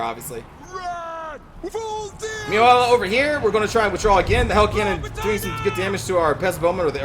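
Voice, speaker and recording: A man casually commentating his own strategy game match, quick and excitable, swearing when things go wrong. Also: high voice.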